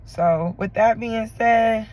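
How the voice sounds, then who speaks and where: A woman talking to her camera in an emotional confessional vlog, tearful and halting as she rambles through her feelings. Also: fairly high pitch, a little mellow, poor audio. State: tearful from crying. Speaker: vlogger.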